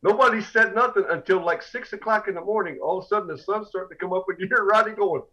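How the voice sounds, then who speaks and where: A man's voice: sits high, fast, lo-fi sound. A man co-hosting a podcast, telling a camp story in casual chat and acting out the voices. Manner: animated storyteller, acts out voices, laughs often. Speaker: podcast co-host.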